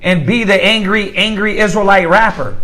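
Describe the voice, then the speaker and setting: On a low-quality recording, a man with a high-pitched, bright, forceful voice speaks at normal speed. He leads a relaxed Bible class in an informal, slangy way, asks the group rhetorical questions like "right?", and repeats words as he starts over.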